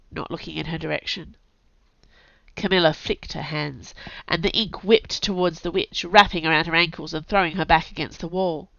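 A woman's voice: deep voice, fairly bright tone, no room sound. Woman narrating with a cold. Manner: clear storytelling, chatty asides. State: has a cold. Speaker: author and podcast narrator. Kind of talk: audiobook narration. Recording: dull, dry home recording.

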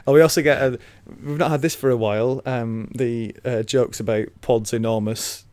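A man's voice: medium pitch, steady tone, moderate pace, a little mellow, dry recording. Guy podcasting, lots of ums and restarts, dry close mic. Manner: hesitant, many fillers and restarts. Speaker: podcast co-host. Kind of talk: casual chat.

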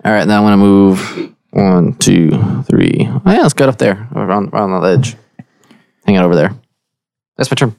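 A man's voice: on the low side, moderate pace, creaky, darkish tone. A man playing a tabletop game, talking through his spells and dice math in a casual way. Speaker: player.

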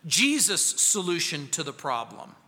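A male pastor preaching an expository sermon, acting out quoted voices and dropping to soft, quiet lines for emphasis. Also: on the high side, sing-song, measured pace. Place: church sanctuary. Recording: long church reverb.

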